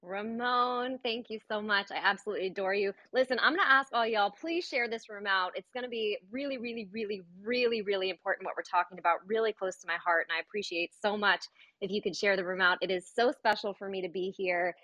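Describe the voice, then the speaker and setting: A woman guest speaks in a live audio room with heartfelt, effusive warmth. Her voice sits at an ordinary pitch. The sound is dry and close. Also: fairly quick, dry recording. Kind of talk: casual live audio chat.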